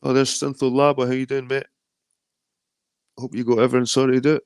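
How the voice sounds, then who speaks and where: A man's voice: mid-range voice, level tone, brisk, a little mellow, clear, resonant tone, dry recording. A Scottish man of around forty hosting a casual livestream, rambling, swearing freely and greeting viewers as he reads their comments. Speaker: livestream host.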